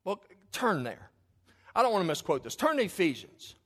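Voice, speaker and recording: High-voiced male pastor, sermon delivery, dynamic storyteller. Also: big pitch swings, moderate pace. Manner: storytelling, swings from loud to soft. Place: church.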